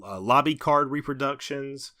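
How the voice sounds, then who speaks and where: A man co-hosts a relaxed horror-movie podcast. He reads out release details in a bright, forceful voice and laughs often. His pitch sits at an ordinary middle level. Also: normal speed. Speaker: podcast co-host. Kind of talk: casual podcast chat.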